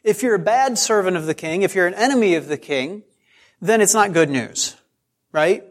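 A man's voice: sits high, lively intonation, moderate pace. A man preaching a sermon in a conversational way, telling stories on himself and repeating phrases for emphasis. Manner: conversational preaching with self-deprecating asides; repeats phrases for emphasis, draws out key words. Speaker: pastor.

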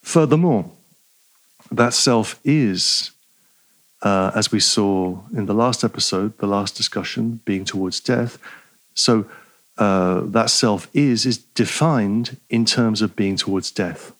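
A middle-aged man giving a scripted philosophy lecture in a measured way, repeating key phrases for emphasis. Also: fairly low pitch.

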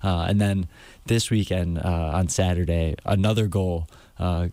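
Hesitant young man, very deep voice. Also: steady tone, measured pace, dark tone, dry recording. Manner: hesitant, many filler words. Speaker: co-host. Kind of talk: casual sports chat.

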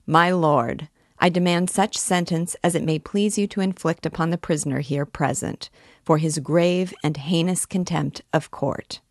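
A woman's voice: low-pitched, fairly even intonation, unhurried, no echo, studio quality. A woman voicing a pompous, long-winded male magistrate's deputy who grandly lists his own titles. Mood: demanding.

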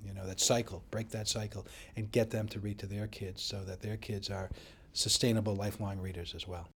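A man working as a high school principal, answering interview questions in an emphatic, animated way.

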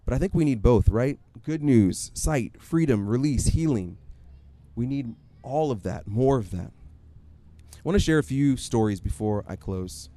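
A man preaching a sermon in a conversational, animated storytelling way, often acting out his own asides. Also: mid-range voice, a little slow, dry recording. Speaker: pastor.

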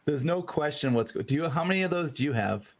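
A man's voice: on the high side, animated, quick pace. A man hosting a podcast in easygoing casual chat, rambling loosely through his points. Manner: easygoing, rambling, laughs easily. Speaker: podcast host.

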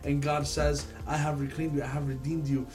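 A young man leading an informal youth Bible study, earnest and animated, often restarting his sentences. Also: a little high, a little fast, soft background music. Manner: earnest, animated, laughs when excited, many restarts. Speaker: youth group leader.

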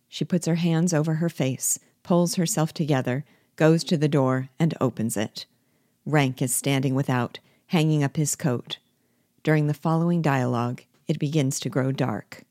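A woman reading a play aloud as its guide, giving the stage directions in a clear, even voice. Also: sits low, normal speed, dry recording, studio quality. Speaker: reader and guide.

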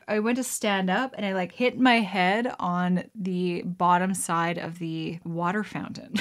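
A young woman from western Canada chats through an embarrassing school story. She talks in a loose, expressive way, full of "like" and frequent laughs. Her voice sits at an ordinary middle pitch for a woman. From Alberta, Canada. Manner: chatty and expressive, laughs often, many "like" fillers. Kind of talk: casual personal storytelling.

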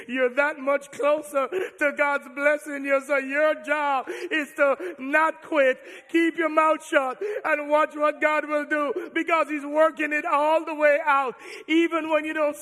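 Fervent preacher with a high, bright voice. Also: male voice, level tone, unhurried, few pauses. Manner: fervent, repeats refrains, swings between loud and hushed. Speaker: pastor. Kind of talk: sermon. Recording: long reverb of a large hall.

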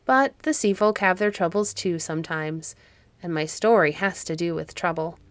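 A woman narrating a fairy-tale audiobook in an even, measured reading voice. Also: on the low side, dry recording. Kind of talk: scripted storybook narration.

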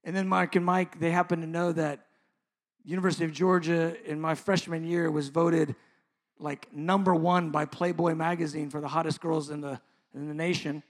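A man in his fifties preaching a sermon as a pastor, moving from loud, drawn-out emphasis to hushed, near-whispered lines. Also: on the high side, little pitch movement. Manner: slow, drawn-out stresses on key words.

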